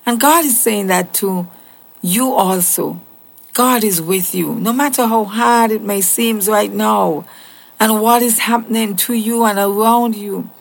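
Woman doing a slow bible devotional, kinda gravelly, earnest and chatty. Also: medium pitch. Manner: slow, earnest, conversational, with casual asides. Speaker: Bible teacher.

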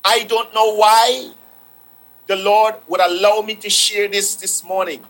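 A man's voice: sits high, little pitch movement, a little slow, a bit bright, low-quality recording. A man preaching a sermon, repeating phrases for emphasis and quoting scripture.

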